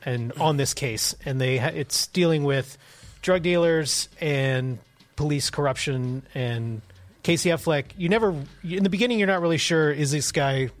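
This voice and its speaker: A man's voice: fairly high pitch, moderate pace. A male podcast host in casual movie chat, recapping plots in a rambling, hesitant way.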